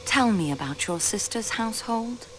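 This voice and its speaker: A probing, polite amateur detective. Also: female voice, a little high, expressive, normal speed, fairly bright tone, slight background noise, rough recording. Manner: polite, probing, with French courtesies. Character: young woman railway clerk acting as detective. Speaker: investigator questioning suspects. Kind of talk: voice acting in a video game.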